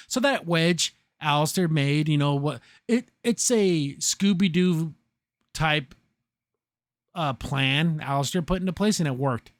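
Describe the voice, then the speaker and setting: A man's voice: a little high, animated, slow, no echo, clean studio sound. A man recapping an episode on a podcast, rambling and sarcastic, full of fillers and restarts. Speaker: podcast host reviewing a show.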